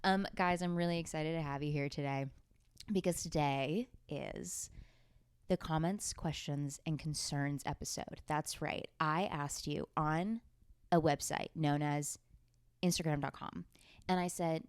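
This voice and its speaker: A young woman chats through her podcast from a beanbag at home, loose and joking. She teases herself and swears freely. Her voice sits a little low and sounds close and dry, with no room around it. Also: fairly even intonation, measured pace, clean tone, no room sound. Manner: playful, self-mocking, swears casually. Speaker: podcast host. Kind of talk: casual chat.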